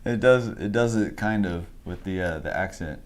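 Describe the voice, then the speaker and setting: A man livestreaming a portrait drawing, thinking aloud in a relaxed, rambling way, chatting with viewers and laughing often. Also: deep voice, moderate pace. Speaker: art instructor livestreaming a drawing. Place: home art studio.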